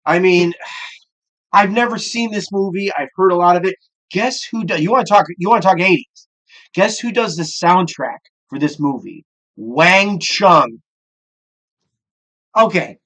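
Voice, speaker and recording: A middle-aged man with a Midwestern American accent, hosting a casual cooking show as a gruff, profane curmudgeon. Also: high voice, lively intonation, a little slow, pauses often, fairly bright tone.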